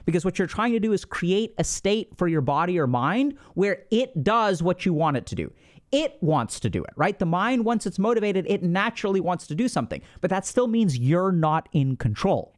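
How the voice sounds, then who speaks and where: A man hosting a podcast, explaining in a casual, animated way, often acting out inner voices and asking "right?". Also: high-pitched. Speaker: podcast host.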